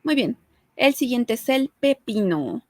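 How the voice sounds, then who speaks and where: A young Mexican woman with a Mexican accent gives a relaxed Spanish lesson, drifting between Spanish and English in a chatty, friendly-paced way. Her voice sits a little high. The sound is dry and close, with no room echo. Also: moderate pace. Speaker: Spanish teacher. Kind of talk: casual language lesson.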